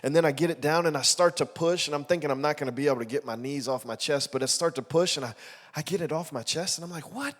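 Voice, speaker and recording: A young adult pastor tells a story from the pulpit with lively energy, loudly acting out the people he quotes. His voice sits a little on the high side for a man. The sound carries the long reverb of a large church hall. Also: quick pace. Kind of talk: sermon with a personal story. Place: church auditorium.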